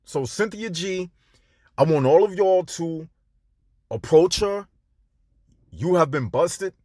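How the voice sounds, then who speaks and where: A man hosting his own commentary channel, preaching in an emphatic, scornful way, dropping into a low drawl and then jumping up into sharp outbursts, stretching out stressed words. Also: animated, takes it slowly, no echo, studio quality. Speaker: channel host.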